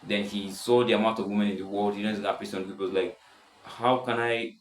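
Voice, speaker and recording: Teenage boy, deep voice, rambling casual vlog, roomy echo. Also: little pitch movement, fast talker. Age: teens. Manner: rambling, many restarts and "stuff like that". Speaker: vlogger. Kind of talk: casual self-improvement monologue.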